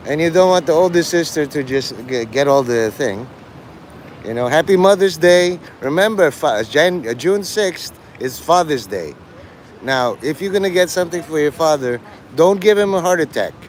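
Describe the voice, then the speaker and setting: A man's voice: on the high side, expressive, moderate pace, a little hiss or hum. A man from the Philippines livestreaming from a city street, rambling in a joking, provocative way and dropping in Tagalog phrases.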